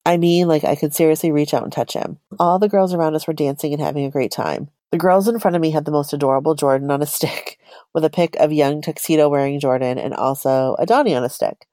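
A woman's voice: low voice, mellow, no room sound. A woman co-hosting a podcast, reading a personal story aloud in a chatty, giggly way.

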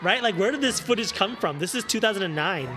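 A man's voice: high voice, animated, quick pace, over music, crowd noise. A man hosting a podcast, giving casual, sarcastic running commentary on a film and laughing often. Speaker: podcast host. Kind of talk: casual watch-along movie commentary.

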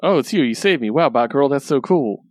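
A man's voice: mid-range voice, expressive, brisk, no room sound, voice pushed up, lightly acted. A man voicing a goofy, flustered young man who rambles awkwardly while retelling a comic scene. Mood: awkward eager.

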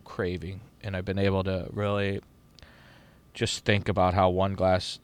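A man's voice: low-pitched, completely flat delivery, measured pace, smooth. A middle-aged man in casual chat as a podcast host, rambling and profane with lots of restarts.

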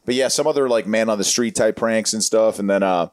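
A young man from Los Angeles talks in a loose, drawling way, sprinkling his speech with "man" and "dude." His voice sits low, and it is recorded close and dry, with no room sound. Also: fairly quick, no room sound. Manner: laid-back, drawling, full of "man" and "dude". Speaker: guest, prankster and actor. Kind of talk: casual interview chat.

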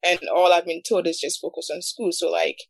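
A woman's voice: lowish voice, flat delivery, fairly quick, vocal fry, slightly rough, dry recording, poor audio. A young woman in a casual group chat, talking in a thoughtful, hesitant way. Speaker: panel guest.

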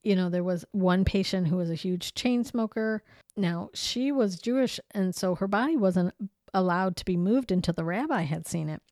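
A woman's voice: lowish voice, normal speed, dry recording. Chatty woman podcaster, dry close sound. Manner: chatty, lots of "you know" and "um"; animated, laughs easily. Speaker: podcast co-host. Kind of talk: casual storytelling about hauntings.

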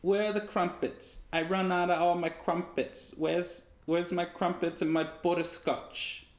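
A man's voice: high voice, flat delivery, unhurried, roomy sound, pitched above the performer's own voice. A man voicing a fussy British man craving crumpets and puddings, in a put-on British accent, drawling and demanding.

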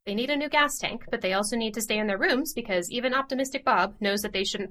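Chatty woman podcast host, bright sharp voice, laid back recap vibe. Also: fairly high pitch, quick pace. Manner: lively, chatty and self-deprecating. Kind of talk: casual podcast chat and plot summary.

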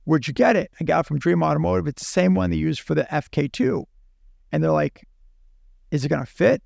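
Gravelly man telling a story. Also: fairly high pitch, fairly quick, no echo, studio quality. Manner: animated, acts out dialogue in his own voice. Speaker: podcast guest. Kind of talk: casual storytelling.

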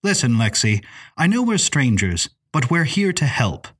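A brisk young woman with a blunt, brusque way of speaking, voiced by a man. The tone is slightly husky, read from a storybook. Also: mid-range voice, very animated, recorded from a distance.

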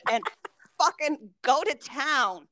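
A high-pitched woman with a bright, forceful edge rants bluntly through a casual podcast chat, cursing at every turn. Her pitch swings widely as she vents and laughs. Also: expressive, takes it slowly, no room sound, studio quality. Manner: blunt, swears constantly, laughs while ranting. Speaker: podcast co-host.

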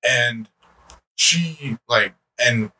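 A man co-hosting a casual podcast, telling stories in an animated, rambling way full of fillers. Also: medium pitch, extremely slow. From United States. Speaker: podcast co-host. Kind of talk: casual chat. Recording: distant mic, faint background noise.

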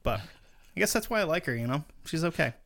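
A man's voice: fairly high pitch, animated, fast talker, gravelly, a bit bright. A married man in casual chat, telling stories in a dry, laid-back way. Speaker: haunted attraction actor.

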